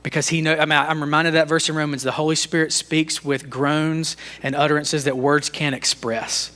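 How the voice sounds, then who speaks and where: A man teaches on a faith-based leadership podcast in a relaxed, conversational way. His voice sits a little high and sounds bright and forward. He speaks openly about his own struggles and often repeats words as he finds his thought. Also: normal speed. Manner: earnest, conversational, self-disclosing; repeats words and restarts sentences. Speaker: podcast co-host.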